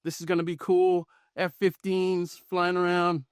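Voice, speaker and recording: A middle-aged man tells a casual personal anecdote on a podcast, animatedly acting out the quoted lines of the people involved. His voice is high, unhurried, clear, and resonant, recorded in clean studio sound with no room echo.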